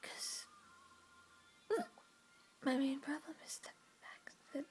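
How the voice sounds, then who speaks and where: A woman's voice: sits high, little pitch movement, slow. A woman in her late twenties, whispering a late-night confessional vlog with dry self-mockery while she has the hiccups. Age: 20s. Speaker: vlogger.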